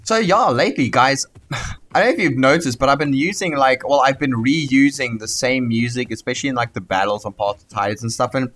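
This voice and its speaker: Excitable South African gamer, swearing freely. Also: male voice, medium pitch, a little fast. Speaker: gaming YouTuber. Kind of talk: casual gameplay commentary.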